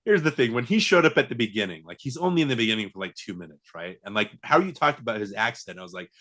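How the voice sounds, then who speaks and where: A man's voice: medium pitch, animated, quick pace, fairly bright tone. A man co-hosting a podcast, chatting casually about a film with many fillers, restarts and laughs. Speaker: podcast co-host. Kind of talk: casual movie chat.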